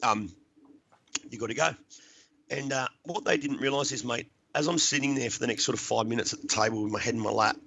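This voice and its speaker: A man's voice: medium pitch, steady tone, quick pace, creaky, hardly any pauses, a bit bright. An Australian man, a podcast guest, tells his life story bluntly and emphatically, swearing often and dropping in "mate" and "right?". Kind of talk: personal storytelling.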